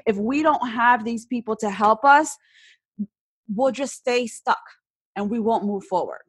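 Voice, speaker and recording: A woman from New Jersey, an entrepreneur guest on a casual podcast, tells candid stories and often voices her own thoughts aloud. Her voice is on the high side and husky, measured in pace, in a dry recording.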